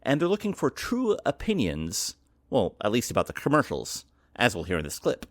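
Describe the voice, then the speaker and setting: A man co-hosting a podcast, chatting casually with lively trivia asides. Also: medium pitch, moderate pace, no echo. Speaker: podcast co-host. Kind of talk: casual chat.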